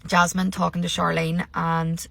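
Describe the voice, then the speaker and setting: Sarcastic vlogger, low-ish bright voice, sweary rant into a phone. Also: female voice, monotone, measured pace, creaky. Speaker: vlogger reviewing a reality show. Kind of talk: casual ranting commentary. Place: parked car. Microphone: phone held at arm's length.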